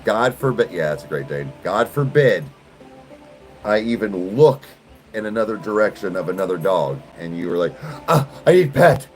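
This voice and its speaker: A man with a very deep voice talks casually to the camera and to his dogs. His delivery swings lively up and down. Faint music plays underneath. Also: moderate pace, poor audio. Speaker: vlogger. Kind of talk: casual vlog chat.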